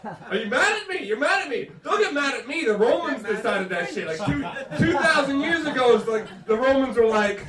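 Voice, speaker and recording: Animated male stand-up comic, roomy club. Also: very high-pitched, normal speed, distant mic. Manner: crowd work, punchy, profane storytelling. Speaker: stand-up comedian. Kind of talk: stand-up comedy set. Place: comedy club stage. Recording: roomy live club sound from off-mic.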